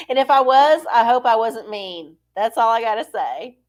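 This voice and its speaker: A woman with a fairly high voice, hosting a casual live stream. She rambles along and pokes fun at herself as she chats with the viewers reading along in her chat. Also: expressive, moderate pace. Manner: rambling, chatty, self-deprecating, frequent laughs. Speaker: livestream host.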